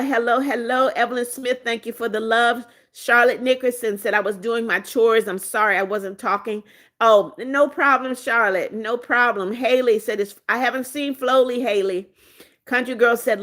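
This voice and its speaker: A woman's voice: fairly high pitch, a bit bright. A middle-aged American woman hosting a livestream in casual chat, reading viewers' comments aloud and answering them in a friendly way. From United States. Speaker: livestream host.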